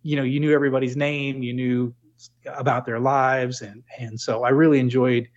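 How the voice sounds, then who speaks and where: A middle-aged man from New England talks through his working life in a relaxed, reflective interview, circling back on his phrases with restarts and "you know" fillers. His voice sits at an ordinary pitch, and the recording sounds a little muffled and lo-fi. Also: normal speed. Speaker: guest, former corporate plant manager. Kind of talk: conversational interview.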